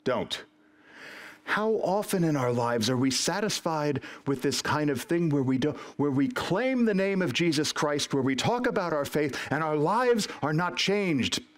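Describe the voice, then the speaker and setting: A man delivers a sermon from the pulpit of an online church service. He preaches earnestly, driving points home with emphasis and slipping into acted prayers and quoted voices. His voice sits a bit higher than most men's. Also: lively intonation, moderate pace, few pauses.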